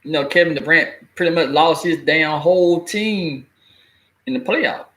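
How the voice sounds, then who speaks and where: A man giving a blunt, animated opinion rant in casual, colloquial speech, cursing freely and laughing at his own jokes. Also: fairly high pitch, a little slow. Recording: echoey room.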